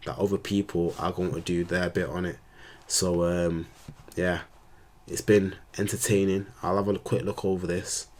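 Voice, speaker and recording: A man's voice: low voice, darkish tone. A man, an astrologer, rambling in slangy casual talk on his vlog. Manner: rambling, slangy, laid-back.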